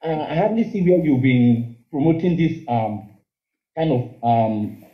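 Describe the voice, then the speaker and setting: A man's voice: mid-range voice, animated, measured pace, roomy sound, highs cut off. A man debating a host, hesitant and pleading to be let to speak.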